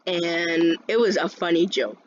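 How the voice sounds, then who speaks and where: A woman's voice: fairly low pitch, unhurried. A woman vlogger telling a story as a casual rant, rambling and swearing a lot, with many restarts. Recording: dull lo-fi sound with faint noise.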